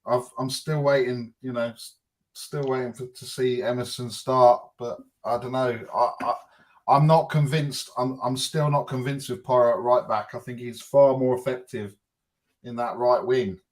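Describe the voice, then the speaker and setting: A man's voice: mid-range voice, steady tone, normal speed. A man co-hosts a casual football chat in a mid-range voice. He talks hesitantly and thinks aloud as he goes. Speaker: co-host.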